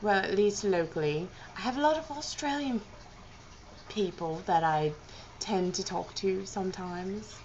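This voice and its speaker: A woman vlogging about books in a deliberately put-on British accent, rambling and poking fun at herself with plenty of "I mean" and "like". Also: mid-range voice, darkish tone, highs cut off, a little hiss or hum. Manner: rambling, self-mocking, heavy on fillers like "I mean" and "like". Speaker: book vlogger. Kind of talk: jokey rambling vlog.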